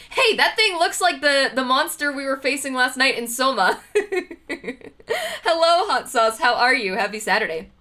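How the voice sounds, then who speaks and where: A woman streamer talks her way through trivia questions in a casual livestream chat, laughing often and greeting her viewers. Her fairly high voice swoops and bounces with lots of expression. Her tone is bright and sharp.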